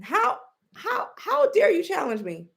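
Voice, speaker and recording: A squealing, indignant powerful man, as a woman puts him on, demanding to know who dares challenge him. The voice jumps far above her own into a strained, shrill register. It is mocking and full of profanity. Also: wildly swooping pitch, measured pace, vocal fry, full character voice. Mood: outraged.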